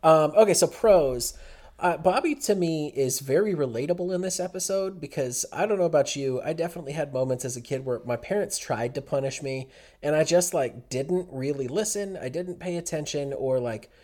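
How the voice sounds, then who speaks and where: A man's voice: on the high side, brisk, darkish tone. A man co-hosting a casual podcast chat about a cartoon, talking with gushing enthusiasm. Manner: gushing, enthusiastic, many restarts. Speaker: podcast co-host.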